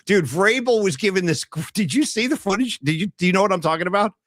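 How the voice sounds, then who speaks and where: A man co-hosting a sports talk stream, rambling and animated as he riffs on viewer comments. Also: high voice, fast talker, no room sound, studio quality. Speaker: podcast co-host. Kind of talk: casual sports chat.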